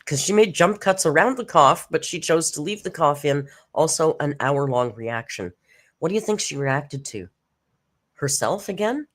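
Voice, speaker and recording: A woman's voice: low-pitched, expressive, normal speed. A woman hosting a live reaction stream, chatting casually, greeting viewers by name and laughing often.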